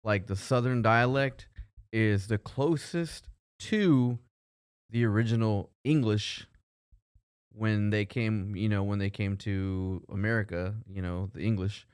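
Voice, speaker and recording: A man with a lowish, smooth voice, chatting on a podcast in a laid-back way and explaining things. He sits close to a dry mic. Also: fairly even intonation, slow pace, no echo. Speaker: podcast co-host. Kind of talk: casual chat.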